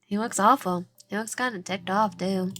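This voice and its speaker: A woman's voice: mid-range voice, normal speed, a bit bright. A woman reading a dating game's narration aloud with casual asides, often stumbling and correcting herself. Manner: stumbling, frequent self-corrections.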